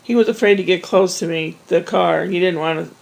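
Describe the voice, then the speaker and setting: A woman with a gravelly, fry-tinged voice talks straight to camera, telling a winding personal story. She wanders into asides and restarts her sentences in a relaxed, conversational way. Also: fairly low pitch, fairly quick, poor audio. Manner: rambling, chatty, with frequent restarts and asides. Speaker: vlogger. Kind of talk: casual storytelling monologue.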